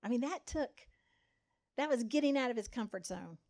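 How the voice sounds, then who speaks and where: A woman's voice: on the high side, lively intonation, moderate pace, darkish tone. A woman giving a conversational sermon, acting out the lines of the people in the story. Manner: conversational, dramatizes quotes with voices. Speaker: speaker.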